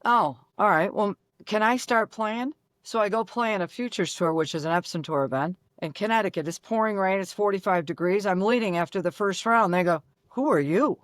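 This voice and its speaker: An older woman from Buffalo, a guest telling brash, rapid-fire stories with acted-out dialogue. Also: lowish voice, no room sound, clean studio sound. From Buffalo, New York. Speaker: guest, former pro golfer. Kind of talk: animated storytelling.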